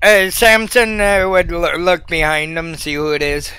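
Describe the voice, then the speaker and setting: A man at a tabletop game speaks in halting bursts full of fillers. His voice is high, bright and very clear. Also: flat delivery, no room sound. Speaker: player. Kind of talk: casual tabletop play.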